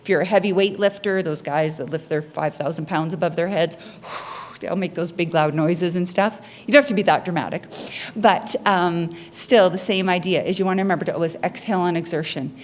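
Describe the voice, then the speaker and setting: Lively woman teaching breathing techniques. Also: lowish voice, moderate pace, a little hiss or hum. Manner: lively, acts out patients' words. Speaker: pulmonary rehabilitation educator. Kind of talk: health education talk to an audience.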